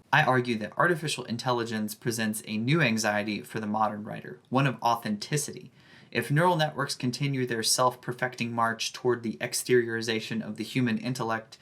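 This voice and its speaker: Man, teacher, scripted presentation, measured and careful, mid-pitched voice. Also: fairly even intonation, fairly bright tone. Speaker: high school English teacher presenting.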